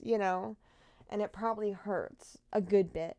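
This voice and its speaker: A young woman tells a true crime story at an unhurried pace, emotional and openly angry, swearing freely as she reacts. Her voice sits in the middle of the range and is recorded dry and close, with no room sound. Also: mid-range voice, fairly even intonation, dark tone, clear, resonant tone, no echo.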